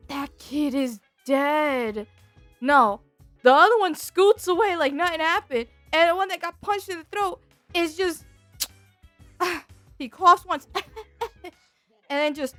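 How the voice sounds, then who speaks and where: A young woman with a notably high voice tells a casual storytime, animated and exasperated, tumbling over fillers and restarts. The sound is dry and close, with faint music underneath. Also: normal speed, dry recording. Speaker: VTuber streamer.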